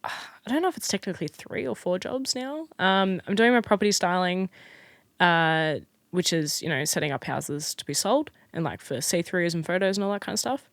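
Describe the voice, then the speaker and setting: A young Australian woman in casual chat as a podcast guest, telling stories in an animated way with plenty of fillers and restarts. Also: fairly low pitch, moderate pace, no echo, clean studio sound. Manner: chatty, animated storyteller with frequent fillers and restarts.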